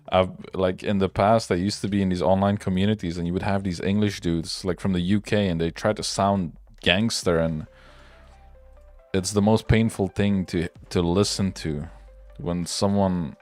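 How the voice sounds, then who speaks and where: A man with a deep, low voice rambles through casual, opinionated livestream chatter, swearing freely as he goes. Faint music plays underneath. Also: fairly even intonation, normal speed, a little mellow. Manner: rambling, profane, loose and opinionated. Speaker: livestream host. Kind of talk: casual livestream chat while working.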